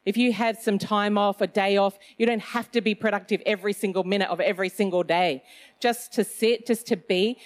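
A middle-aged woman giving a casual Christian talk, chatty and self-mocking, with loose phrasing and plenty of fillers. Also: medium pitch. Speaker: Christian speaker.

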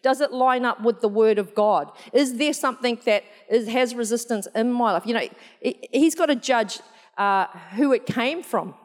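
A woman's voice: on the high side, normal speed. A woman preaching a sermon in a chatty, humorous storytelling way, full of asides. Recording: long hall reverb.

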